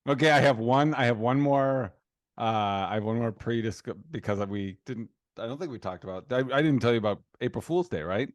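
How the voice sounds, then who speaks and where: A man in his thirties tells a family story on a podcast, jumping into raised, higher voices when he quotes people. His voice sits in an ordinary middle range. The recording is close and dry, with no room around it. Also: a little fast, no echo. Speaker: podcast co-host. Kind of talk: casual storytelling chat.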